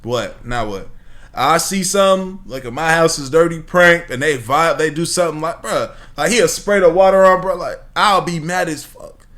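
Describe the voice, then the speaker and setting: A man's voice: fairly high pitch, normal speed, fairly bright tone. A man hosting a reaction video, talking casually with lots of slang and swearing, rambling and laughing as he watches.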